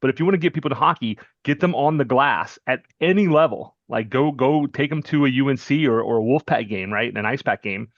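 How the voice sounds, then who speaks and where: A man's voice: medium pitch, a little fast, few pauses, no echo. A man from North Carolina hosting a podcast who talks casually and keeps checking in with "right?" and "you know". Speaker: podcast host. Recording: dry, dull lo-fi sound.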